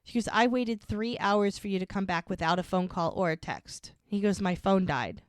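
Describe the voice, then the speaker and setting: A woman's voice: medium pitch, moderate pace, no echo, studio quality. A woman co-hosting a podcast, recapping scenes in casual chat and acting out the lines she quotes. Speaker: podcast co-host.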